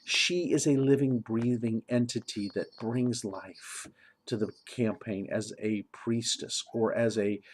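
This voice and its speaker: A man talking casually as a game master giving advice, rambling and correcting himself, chuckling often. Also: medium pitch. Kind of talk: casual tutorial monologue.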